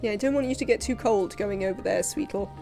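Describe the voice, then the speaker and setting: A woman chatting casually while livestreaming a video game, rambling and filling pauses with "um" and "uh". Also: mid-range voice, mellow, faint music behind. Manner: rambling, chatty, frequent fillers. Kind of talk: casual live gameplay commentary.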